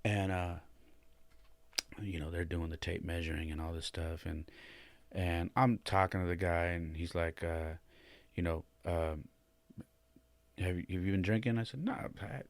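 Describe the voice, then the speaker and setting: Very deep-voiced man telling a story. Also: a little slow, vocal fry, long pauses, no room sound. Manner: retells with animated quoted voices, many fillers. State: shaken and emotional. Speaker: podcast host. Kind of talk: casual storytelling.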